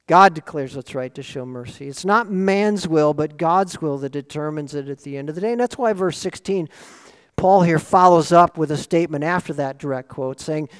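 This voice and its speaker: A man preaching a sermon in an earnest, lively way, often asking rhetorical questions. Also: fairly high pitch, moderate pace, smooth. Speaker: pastor. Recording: long reverb of a large hall.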